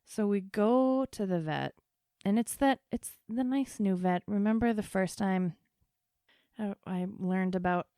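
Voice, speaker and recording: A woman's voice: mid-range voice, unhurried, mellow, clean tone, no room sound, studio quality. A woman hosting a podcast who tells a long story in a chatty, casual way, swearing freely and acting out what others said. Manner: chatty, profane, tells stories with quoted dialogue. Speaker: podcast host.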